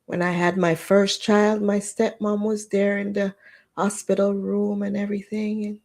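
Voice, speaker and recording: A woman, hosting a livestream and telling a personal story in a candid, emotional way with lively quoted dialogue. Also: medium pitch, normal speed. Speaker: livestream host.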